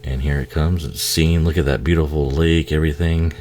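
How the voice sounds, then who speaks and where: A man giving a casual, profane movie commentary, laughing often and acting out the characters in quick asides. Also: a bass voice, steady tone, a little mellow, a little hiss or hum.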